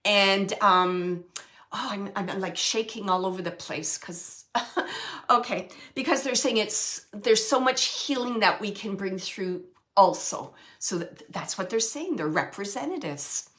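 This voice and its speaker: A woman working as a medium, giving a live reading to an audience member, animated and searching as she relays messages in quoted speech. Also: medium pitch, moderate pace. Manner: searching, self-correcting phrasing.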